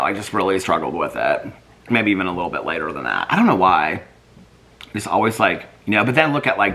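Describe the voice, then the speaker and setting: Deep-voiced, chatty man vlogging. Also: bright, forceful tone. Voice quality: deep, soothing voice. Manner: chatty, rambling, thinks aloud while searching online. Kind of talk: casual chat reading viewer comments.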